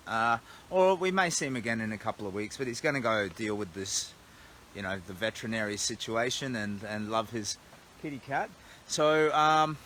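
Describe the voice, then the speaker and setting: Filming himself at arm's length outdoors at a roadside motel at night, an Australian charity walker chats casually on a livestream. His medium-pitched voice is sharp-toned, his talk rambling and self-deprecating, and a little hiss or hum runs underneath.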